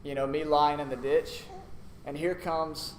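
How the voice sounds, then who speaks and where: Man preaching, storytelling sermon, slightly high voice, roomy echo. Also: little pitch movement, a little slow. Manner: conversational, storytelling with acted asides. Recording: echoey room with faint noise.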